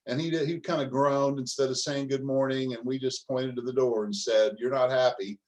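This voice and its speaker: A man's voice: medium pitch, steady tone, a little fast, a little mellow, natural voice. A man doing a chirpy dental assistant lady. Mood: breezy. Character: cheerful woman dental assistant, upbeat.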